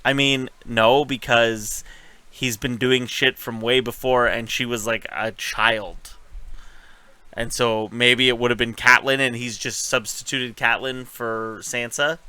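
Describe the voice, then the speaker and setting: A man talks through a recap in loose, casual chat, with a very bright, crisp and clean voice. He swears freely and paraphrases scenes on the fly, trailing off with fillers as he goes. The feel is relaxed and conversational. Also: medium pitch, unhurried, dry recording. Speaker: podcast host.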